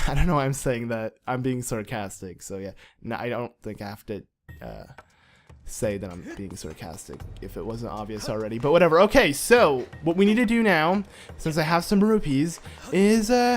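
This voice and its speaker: A man hosting a casual let's-play, rambling and chatty, with self-mocking sarcasm as he plays a console game at home. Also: mid-range voice. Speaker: gaming channel host.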